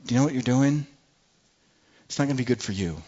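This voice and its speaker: A preacher voicing a calm, gentle spirit who warns softly, in a muffled lo-fi recording. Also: male voice, medium pitch, fast, breathy edge, lightly acted. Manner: soft, quiet, gently questioning.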